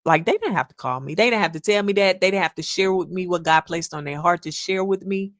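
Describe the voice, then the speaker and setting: A woman's voice: on the low side, fast talker, a bit bright, no echo, studio quality. A woman hosting a podcast in an earnest, casual monologue, calling listeners "y'all" and acting out little quotes. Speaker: podcast host.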